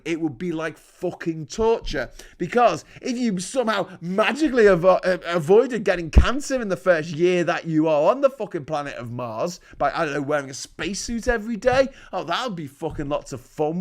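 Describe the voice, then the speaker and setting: A man hosts his own live stream and rants in heated, profane, sarcastic commentary. His voice sits high for a man and swings between loud outbursts and quieter asides. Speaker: livestream host.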